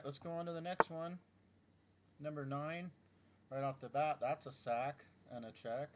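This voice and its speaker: A middle-aged chess YouTuber thinks aloud casually while solving puzzles, muttering through each move and breaking into self-deprecating outbursts when he slips. His voice is a little high, with fairly even intonation and a measured pace, and there's noise in the background.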